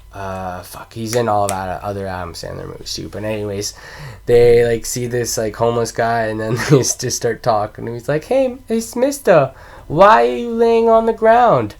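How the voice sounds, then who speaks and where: Rambling, profane young man reviewing movies. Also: on the low side. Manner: profane, rambling, laughs a lot, trails off forgetting names. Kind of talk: casual, rambling movie countdown.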